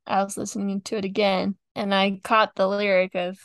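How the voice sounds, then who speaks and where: A young woman chats easily about music, laughing often and filling her talk with "like". Her voice carries a gravelly fry and sits close on a dry mic. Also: mid-range voice, little pitch movement, moderate pace, no echo. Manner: chatty, giggly, lots of "like". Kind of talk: casual chat reviewing songs.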